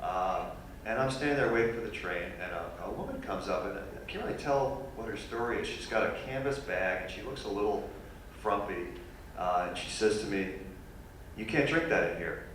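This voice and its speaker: A man telling a funny personal story as a guest speaker at a university lecture, animated and self-deprecating. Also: on the low side, fairly quick, slight background noise. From New York. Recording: echoey hall recorded from far off.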